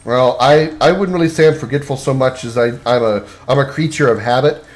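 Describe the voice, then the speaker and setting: A man streams a game while chatting casually, rambling with many restarts and fillers. His voice is mid-range and fairly quick.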